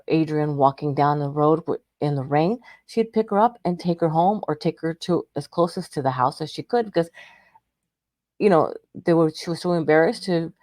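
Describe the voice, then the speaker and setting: A woman's voice: deep voice, darkish tone, no echo, studio quality. A middle-aged woman from Texas telling a personal story in a rambling, emotional way, often restarting her sentences. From Texas, United States. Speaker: radio show host sharing a personal story.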